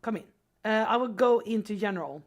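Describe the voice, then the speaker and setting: A woman's voice: mid-range voice, brisk. A chatty woman from Sweden talks loosely to her livestream audience while she draws. She swears freely and laughs often, with a mid-range voice for a woman. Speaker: streamer. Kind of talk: casual livestream chat while drawing.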